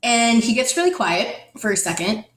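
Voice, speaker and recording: A woman from the Netherlands, a podcast guest, telling a personal story in an animated way and acting out the dialogue. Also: a little high, moderate pace. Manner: animated, acts out dialogue in quotes. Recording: roomy echo, faint music.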